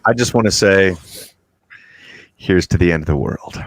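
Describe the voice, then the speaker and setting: A man's voice: deep voice, normal speed, slight background noise. A man from Virginia hosting a casual chat with friends, laid-back and swearing freely. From USA (Virginia). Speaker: show host.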